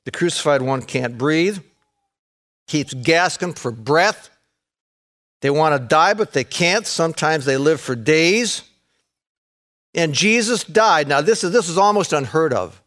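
Unhurried and fairly high-voiced, a male pastor delivers a folksy sermon full of "man," "folks," and repeated words. He lets long pauses hang as he shifts from loud, excited passages to quiet, intense moments.

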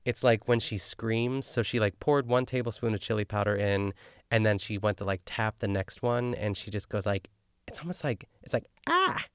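A man with a low, smooth voice talks casually as a podcast host, recapping a cooking episode. He rambles with lots of fillers and animated asides. The recording is dry and close. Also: moderate pace, no echo. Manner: chatty, filler-heavy, animated.

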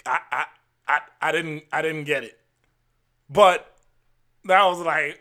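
A man's voice: on the high side, takes it slowly, long pauses, pushed and bright. A man from Jamaica telling personal stories to camera in a casual, earnest and wry way. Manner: earnest and wry, acts out the people in his stories. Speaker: vlogger.

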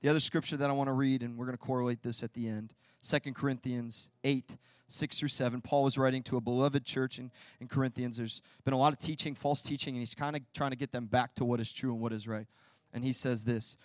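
A young adult man preaching a sermon with energy, swinging from quiet to loud and mixing in casual slang. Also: medium pitch, lively intonation, moderate pace, dry recording, clean studio sound. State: tearful. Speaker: pastor.

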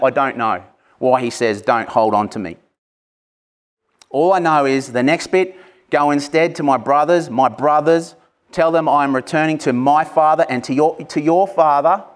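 A man preaching an Easter sermon in a church, passionate and conversational, breaking off into casual asides. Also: on the high side. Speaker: pastor.

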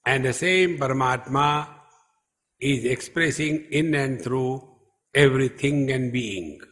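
A man giving a spiritual discourse at a retreat, speaking slowly and emphatically and chanting Sanskrit verses. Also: mid-range voice, fairly bright tone. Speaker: spiritual teacher. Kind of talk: scriptural discourse. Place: retreat hall.

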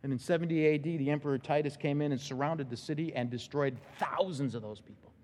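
Man preaching emphatically in echoing church. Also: quick pace. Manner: emphatic preaching with sudden loud, high bursts. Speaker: pastor. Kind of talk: sermon. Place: church sanctuary.

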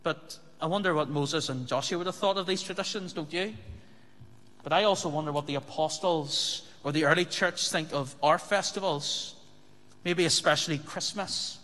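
Man, pastor, sermon, earnest rhetorical questions, slightly high pitch, long hall echo. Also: moderate pace, bright, forceful tone.

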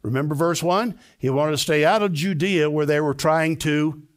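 An older man, a pastor, preaching a sermon with emphatic delivery that climbs to high, excited peaks. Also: normal speed.

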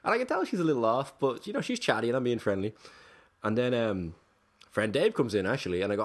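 A man who works as a bartender, telling a story on a podcast, animated, swearing freely and often restarting his sentences. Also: mid-range voice, quick pace. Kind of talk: casual storytelling.

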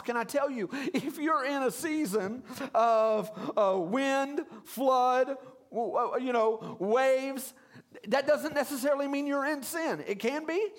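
A man's voice: sits high, a little slow. A male pastor preaching a sermon. He calls on the congregation to repeat words back and mixes in casual, jokey asides. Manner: energetic call-and-response preaching, urging the congregation to repeat words.

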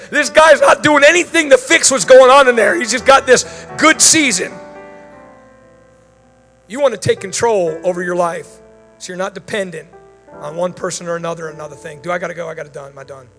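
A man's voice: high voice, fairly bright tone. A man preaching and praying over a congregation, fervent and commanding in prayer, chatty in his asides. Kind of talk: sermon with prayer and Q&A. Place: church hall before a congregation. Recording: long reverb of a large hall.

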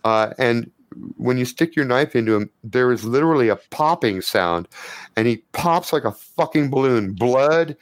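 A man's voice: mid-range voice, normal speed, no echo. A man running a tabletop game as game master, narrating scenes vividly and casually. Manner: animated, vivid scene narration with frequent profanity.

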